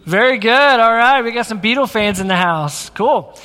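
A man preaching a teaching sermon in a church, energetic and conversational, talking straight to the congregation. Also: very high-pitched, normal speed. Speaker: pastor. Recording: long reverb of a large hall.

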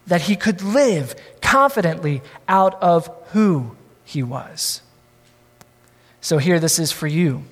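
A man's voice: high-pitched, big-room sound. A man preaching a sermon as a pastor, conversational and repeating key lines for emphasis.

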